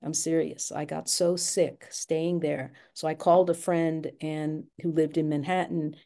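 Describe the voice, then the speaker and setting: A woman's voice: deep voice, level tone, a little slow, dark tone. An older woman candidly recounting her family's past in an interview, reflective and speaking in her own words. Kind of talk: personal storytelling interview.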